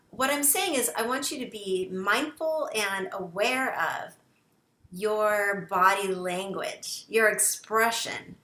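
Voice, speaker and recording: A woman with a bright, forceful voice guides parents through a talk in an encouraging tone. She keeps checking in with the listener as she goes, and her words ring out in a roomy, echoey space. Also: medium pitch. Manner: encouraging, checks in often with "okay?". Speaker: parent educator. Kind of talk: instructional talk to camera.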